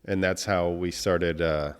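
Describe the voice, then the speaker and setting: A man hosting a podcast, speaking emotionally in a halting tribute monologue, swearing often and breaking off to collect himself. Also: low voice, fairly even intonation, clean tone, long reverb tail. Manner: halting, many restarts and fillers, heavy swearing. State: emotional, choked up. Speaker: podcast host.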